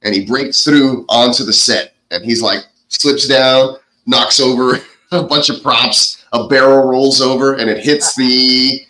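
A man co-hosting a podcast, casually retelling a movie's plot in an animated way and often laughing. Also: mid-range voice, measured pace, low-quality recording. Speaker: podcast co-host.

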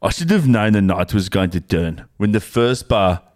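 A rowdy young South African rugby tourist with a thick Afrikaans accent, as a man puts him on, telling a wild story with boisterous relish. The put-on voice is pitched higher than the man's own low voice. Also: animated, normal speed, darkish tone, close to an everyday voice. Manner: boisterous, storytelling, reading a letter aloud. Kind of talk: comedic read-out in a put-on accent.

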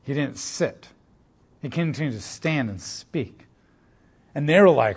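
A man's voice: on the high side, lively intonation, unhurried, slightly rough. A man preaching a sermon, explaining scripture in a loose, conversational storytelling way. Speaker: pastor.

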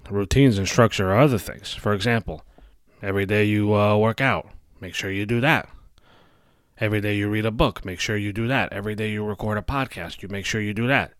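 A man hosting a solo podcast in a blunt, profane rant. His voice sits low, and he hammers his points with constant swearing. The podcast mic sound is dry and close, with no room echo. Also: a little fast. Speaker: podcast host.

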